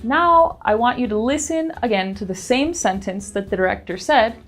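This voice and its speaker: Clear woman narrating a pronunciation lesson. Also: on the high side, normal speed, faint music behind. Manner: clear, explanatory, evenly paced. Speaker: teacher and narrator.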